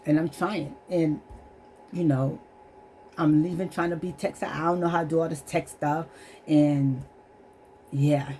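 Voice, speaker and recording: Vlogger, woman, middle-aged, low voice, earnest and emotional, near tears, faint background noise. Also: steady tone, measured pace, pauses often, warm tone. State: holding back tears. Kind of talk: candid personal testimony to camera.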